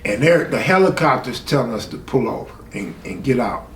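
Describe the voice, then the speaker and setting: A man's voice: mid-range voice, animated, a little fast. A man, hosting a stream and telling a true story in casual, profane street talk, raising his voice when he quotes people. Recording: echoey room, faint background hum.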